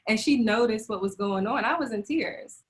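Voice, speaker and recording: A woman's voice: fairly high pitch, moderate pace. A woman speaking candidly and emotionally as a panel guest, telling a personal story with frequent laughs and restarts over a video call. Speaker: panel guest sharing birth experience.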